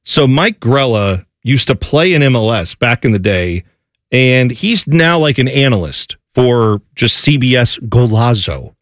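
Animated man chatting about sports. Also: medium pitch, a little slow, dry recording, studio quality. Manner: chatty, explanatory, jokey asides. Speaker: sports talk show host. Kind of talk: casual sports talk chat.

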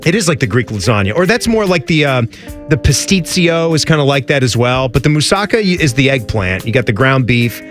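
A man's voice: mid-range voice, big pitch swings, a little fast, soft background music. A man co-hosting a radio talk show, describing things with eager enthusiasm and a rambling, filler-heavy way of talking. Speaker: radio co-host. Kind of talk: casual radio banter.

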